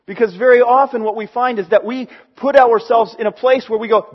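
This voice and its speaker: A man's voice: very high-pitched, fairly even intonation, fairly quick, hardly any pauses, dull audio. A man preaching a sermon in a conversational way, acting out the voices he quotes. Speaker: pastor.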